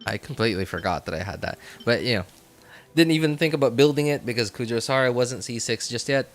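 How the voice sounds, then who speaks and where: This gaming streamer has a mid-range voice and talks fast over soft background music. He gives casual gameplay commentary, rambling, laughing, and often correcting himself.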